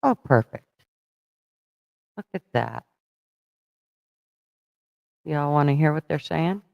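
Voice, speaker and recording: Male livestream host, rambling and profane, smooth tone in a dead-dry space. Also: on the high side, lively intonation, slow pace, dry recording, dull audio. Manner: rambling, thinks aloud while fumbling with stream setup; blunt and profane, mock-scolding chat. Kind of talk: casual livestream chat.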